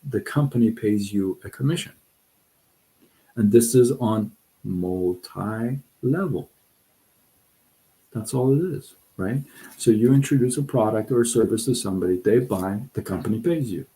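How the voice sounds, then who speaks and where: A middle-aged man hosting a casual live stream, talking in an animated, excitable way with frequent restarts. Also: medium pitch, poor audio. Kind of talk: casual livestream talk. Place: Southern California.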